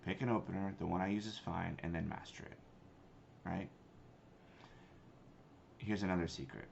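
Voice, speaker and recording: Male sales trainer, very low pitch, emphatic coaching delivery, faint background noise. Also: steady tone, normal speed, creaky, a little mellow, lo-fi sound. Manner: coaching, emphatic, repeats key points. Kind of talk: instructional talk to camera.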